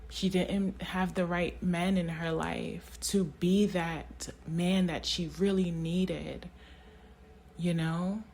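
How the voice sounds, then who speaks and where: A woman speaking in an emotional, halting personal monologue, tearing up and restarting her sentences often. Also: lowish voice, little pitch movement, gravelly, darkish tone, a little hiss or hum. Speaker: spiritual vlogger.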